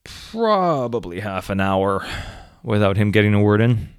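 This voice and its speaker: A man's voice: lowish voice, sing-song, measured pace, clean tone, no room sound, clean studio sound. A man hosting a solo podcast, ranting sarcastically with plenty of swearing. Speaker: podcast host.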